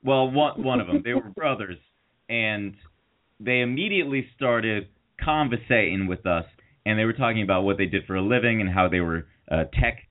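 A man's voice: fairly low pitch, normal speed. Rambling man on a tinny line. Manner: rambling, many fillers and restarts, mocking impressions. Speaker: podcast co-host. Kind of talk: casual storytelling. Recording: tinny phone-like audio.

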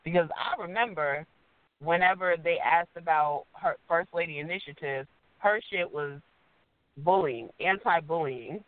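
A man's voice: a little high, a little slow, no room sound. A man co-hosting a casual political chat podcast, mocking and swearing. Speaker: podcast co-host. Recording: tinny phone-like sound.

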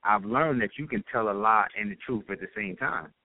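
A Brooklyn, New York man rambles and curses freely as a panelist in loose talk-show banter. His voice is fairly low and quick, and the recording is dry, with no echo, and has a thin, tinny phone-line quality.

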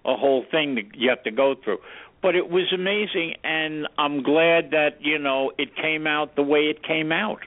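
A man's voice: fairly high pitch, moderate pace. A man, a former studio sound engineer, telling anecdotes casually in an interview and acting out the dialogue. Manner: animated storyteller who acts out quoted dialogue. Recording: tinny phone-like radio audio.

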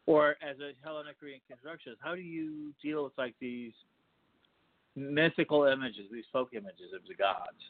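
A man's voice: fairly high pitch, moderate pace. A man hosting a podcast interview, asking long rambling questions with many halts and restarts. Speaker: podcast host. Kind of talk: casual interview. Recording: tinny phone-like line.

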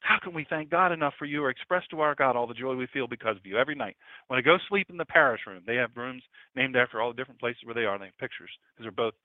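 A male pastor preaching a sermon in an impassioned style, his pitch swinging widely. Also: dry recording. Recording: tinny phone-like dry sound.

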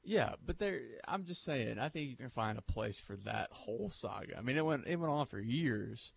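A man's voice: medium pitch, animated, moderate pace, gravelly, slight background noise. A man co-hosting a morning sports radio show in casual, joking talk.

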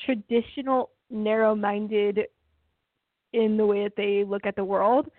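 A woman's voice: mid-range voice, fairly even intonation, a little slow, dry recording. A woman hosting a casual chat, opinionated and emphatic, laying out her points one by one. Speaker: podcast host. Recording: tinny phone-like line, dry.

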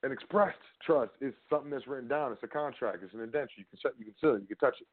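A man's voice: mid-range voice, very fast. Man on a tinny phone-like line. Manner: rambling, rhetorical, talks to the listener directly. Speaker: trust law educator. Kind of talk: casual explanatory lecture. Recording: phone-like narrow audio.

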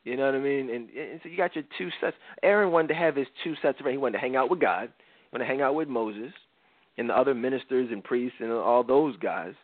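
A man's voice: medium pitch, brisk, dry recording. A man hosting a talk show, retelling a Bible story in casual slang and acting out the quotes. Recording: dry, phone-like radio sound.

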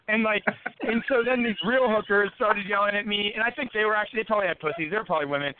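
A man's voice: sits high, phone-quality sound, slight background noise. A man, a guest and former fighter, telling rambling, profane stories in casual conversation. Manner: profane, rambling, rapid-fire. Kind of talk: casual storytelling.

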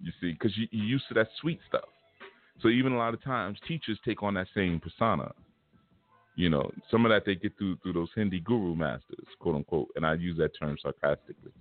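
Here a man delivers an informal spiritual talk in a deep voice at a fairly quick clip, his style blunt, punchy and confrontational. Faint music plays behind a tinny, phone-like sound.

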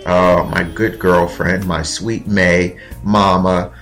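A man with a very low, deep voice speaks in an earnest, heartfelt way, pausing often and reaching for words. Soft music plays faintly beneath him as he reflects aloud to his listeners. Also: steady tone. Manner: earnest, heartfelt, with pauses and fillers. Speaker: podcast host. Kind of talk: reflective spoken monologue.

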